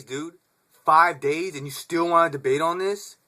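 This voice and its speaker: A man's voice: fairly high pitch, unhurried, bright, forceful tone. A young man vlogging in a casual, laid-back rant, swearing freely, laughing often and calling the listener dude.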